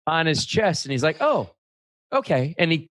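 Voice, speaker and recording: A man hosting a talk show, telling lively car-sales anecdotes in a casual chat. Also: a little high, brisk, dry recording. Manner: animated anecdotes, acts out quoted customers. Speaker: podcast host.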